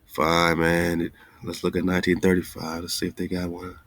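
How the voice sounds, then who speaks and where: Deep-voiced man hosting casual live talk. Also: completely flat delivery, moderate pace, fairly bright tone, dry recording. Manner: loose, exasperated, talks straight to listeners. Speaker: online radio show host.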